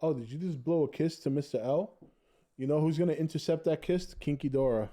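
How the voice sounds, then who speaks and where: With a mellow voice on the high side, a man briskly hosts a casual podcast. He's easygoing and jokey, reading out viewer comments and joking with the chat.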